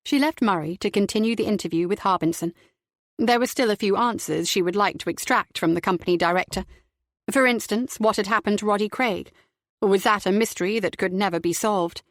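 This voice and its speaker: A woman narrating a crime novel audiobook in a steady, measured reading. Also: medium pitch, no room sound, clean studio sound.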